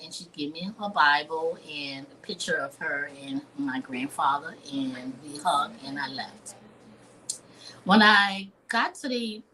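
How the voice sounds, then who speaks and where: A woman's voice: low voice, pushed and bright, slight background noise, poor audio. A woman from Liberia in her fifties, a chef telling a personal story in a live interview with an earnest, dramatic manner. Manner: earnest, dramatic, acts out quoted voices. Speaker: chef guest.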